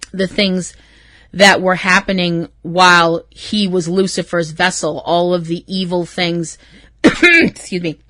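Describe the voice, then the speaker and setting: A woman's voice: lowish voice, fairly bright tone, no echo. A woman hosting a podcast, recapping an episode in a rambling, emotional way with plenty of swearing. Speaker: podcast host.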